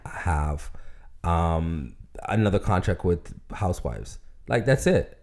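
A man's voice: low voice, lively intonation, slow pace, a little mellow. A man co-hosting a podcast, joking and bantering in casual chat. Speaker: podcast co-host.

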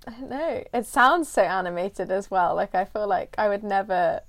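Young woman, creaky fry, easygoing co-host who rambles with lots of "like". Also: medium pitch, lively intonation, moderate pace. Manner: rambling, peppered with "like". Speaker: podcast co-host. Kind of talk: casual chat.

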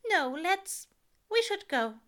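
A woman voicing an anxious, fussy male angel in a high, breathless way. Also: sing-song, slow pace, fairly bright tone, full character voice.

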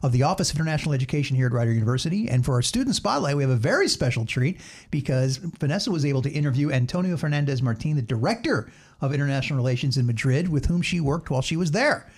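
Fast-talking Southern American man hosting. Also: fairly high pitch, lively intonation, husky. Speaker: podcast host. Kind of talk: casual chat.

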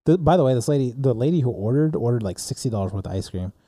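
Young guy telling a story, super mellow dark voice, acts out all the lines, dry close mic. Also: medium pitch, quick pace, dry recording. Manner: animated storyteller, acts out dialogue with filler words. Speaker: podcast co-host telling a story. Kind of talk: casual storytelling chat.

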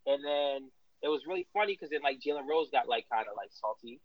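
A man co-hosting a sports podcast, chatting casually with lots of fillers and quick laughs. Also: medium pitch, expressive, no echo. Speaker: podcast co-host. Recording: dull, dry sound.

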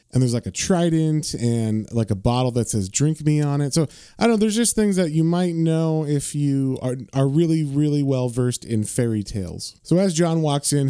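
A man's voice: fairly high pitch, dark tone, clear, resonant tone, dry recording, clean studio sound. A man giving a casual, rambling recap of a comic book issue, with lots of fillers. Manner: loose and rambling, with frequent fillers.

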